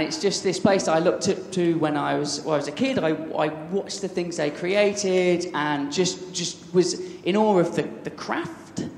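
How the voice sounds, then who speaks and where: An Englishman in his thirties gives a conference talk, chatty and enthusiastic, stumbling over his own restarts. His slightly high, creaky voice fills a large, echoey hall with a long reverb tail and faint background noise.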